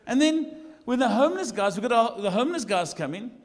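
A man, a lead pastor, preaching in a church, jokey and animated, jumping from shouts to quiet asides. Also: very high voice, fairly quick, long reverb tail. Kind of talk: sermon. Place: church hall.

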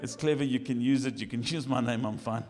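A man, a lead pastor, preaching in a church, jokey and animated, jumping from shouts to quiet asides. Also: mid-range voice, a little fast, in a large hall. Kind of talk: sermon. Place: church hall.

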